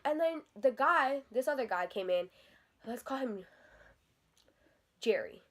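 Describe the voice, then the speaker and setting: A young woman with a high-pitched voice tells a story to her vlog audience in an animated, foul-mouthed way. Her delivery is loose and casual, full of "like" and swearing. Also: measured pace. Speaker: vlogger.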